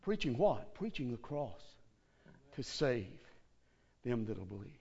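A Baptist preacher giving a sermon in a church service, swinging from low, quiet talk to shouted climaxes and repeating key phrases for emphasis. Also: male voice, very animated, slow pace, vocal fry, slightly rough. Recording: dull lo-fi recording.

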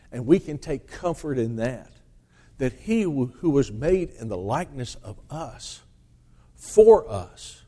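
Mellow-voiced man preaching a sermon. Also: medium pitch. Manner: reads scripture aloud with rising emphasis, then explains with restarts.

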